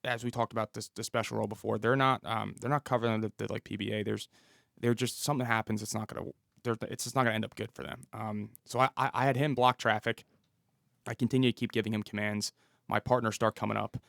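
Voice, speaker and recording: A man's voice: on the low side, fairly even intonation, fast talker, vocal fry, fairly bright tone, no room sound, studio quality. A man who was a police officer, a podcast guest telling a story in a casual, matter-of-fact way. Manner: detailed, matter-of-fact retelling.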